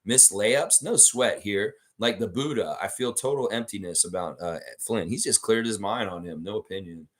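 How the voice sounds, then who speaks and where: A hoarse man hosting a live sports stream, reading viewer messages aloud and ranting in a casual, swearing way. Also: on the low side, normal speed, hardly any pauses. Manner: animated, reads chat messages aloud, swears freely.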